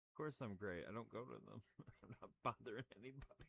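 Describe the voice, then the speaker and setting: Working on model trees, this crafter talks to the camera in a lowish, gravelly voice, a little slow and with long pauses. He rambles, makes jokes at his own expense, and toys with words over a faint hiss or hum.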